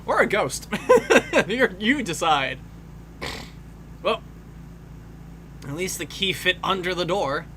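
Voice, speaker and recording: A man's voice: high-pitched, animated, slow, pauses often, sharp tone, a little hiss or hum. A man giving casual film commentary, swearing freely and laughing often.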